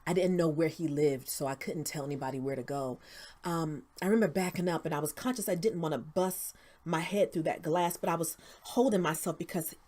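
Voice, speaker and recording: Woman guest, low voice, earnest faith-filled testimony in an interview. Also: brisk. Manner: earnest, faith-driven storytelling, dropping to a hush at tense moments. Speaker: interview guest, founder of a women's outreach.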